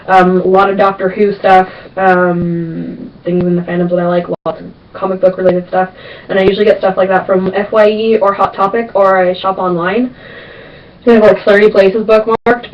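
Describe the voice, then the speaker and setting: A young woman answering viewer questions in a casual vlog, chatty and emphatic, repeating words for stress. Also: mid-range voice. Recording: distant, dull lo-fi webcam sound.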